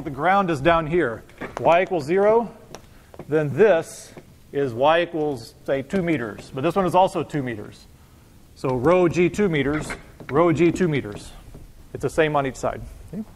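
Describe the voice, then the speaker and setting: High-voiced man lecturing in a hall. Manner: animated and joking, talks to the class. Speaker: physics professor. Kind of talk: university lecture.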